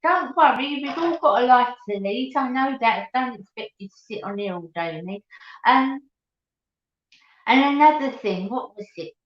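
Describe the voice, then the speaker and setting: A chatty woman with a Cockney accent hosts a live stream, her voice sitting a little high. She rambles warmly to her viewers and calls them darling and sweetheart. The sound is roomy and dull, like a lo-fi home stream. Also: expressive, normal speed. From East End of London. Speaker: beauty channel host. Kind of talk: casual live-stream chat.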